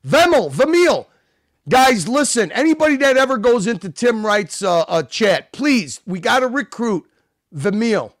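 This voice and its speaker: A man hosting a casual livestream, loud, profane and repetitive as he reacts to clips. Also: high voice, lively intonation, moderate pace, no room sound, clean studio sound. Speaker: livestream host.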